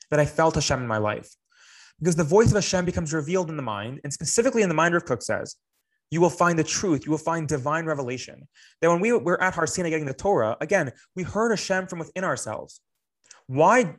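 Young guy teaching torah, earnest and reflective, kinda higher voice, repeats himself for emphasis. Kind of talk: spoken Torah class.

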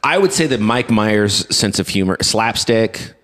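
Give me a teasing man co-hosting a podcast, lively pitch, heavy reverb. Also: a little slow. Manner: teasing, argumentative interviewer. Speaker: podcast co-host. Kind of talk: casual chat. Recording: long hall reverb.

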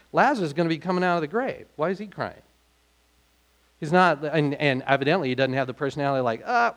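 A man preaching a sermon in a conversational way, growing animated when he asks questions. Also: mid-range voice. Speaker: pastor.

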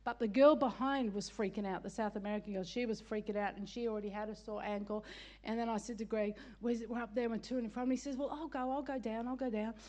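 A middle-aged woman preaching a sermon, telling lively family stories with laughter and building into emphatic calls of "come on". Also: mid-range voice, fast.

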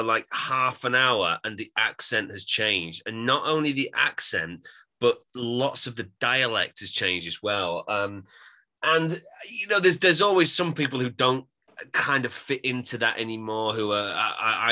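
A man's voice: medium pitch, lively intonation, measured pace, pushed and bright. A man, co-hosting a music podcast in casual chat, explaining things with lots of restarts. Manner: chatty, explanatory, with many restarts. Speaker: podcast co-host.

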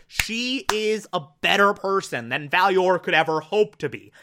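A man casually reviewing a cartoon episode, animated and emphatic, with mocking asides. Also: sits high, a little slow, slight background noise.

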